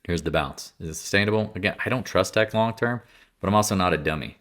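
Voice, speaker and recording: Congested, low-voiced man rambling about markets. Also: fast talker, a bit bright. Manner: rambling, self-interrupting, blunt and offhand. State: congested, clearing throat. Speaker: market commentator. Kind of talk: casual market commentary.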